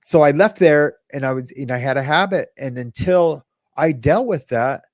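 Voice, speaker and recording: A man's voice: a little high, normal speed, dry recording, clean studio sound. A man hosting a podcast, telling his own recovery story in a casual, rambling way, with many restarts and quoted lines.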